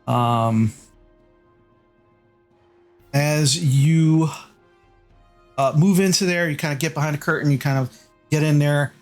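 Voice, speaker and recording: A man running a tabletop game as dungeon master, narrating slowly with frequent fillers. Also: fairly high pitch, soft background music. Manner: slow, halting narration with many fillers.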